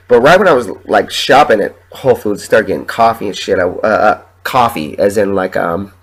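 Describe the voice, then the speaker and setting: A man's voice: lowish voice, a bit bright, poor audio. A sick man hosting a podcast, ranting in heated, profanity-laden stories and coughing from a sore chest. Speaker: podcast host. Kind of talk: casual ranting monologue.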